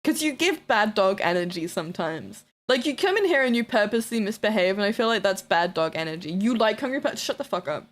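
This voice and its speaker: A woman streamer with a medium-pitched voice talks fairly quickly with few pauses as she chats casually with her live chat. She's blunt and playful, teasing her viewers, cursing freely, and breaking out in excited shouts and laughter.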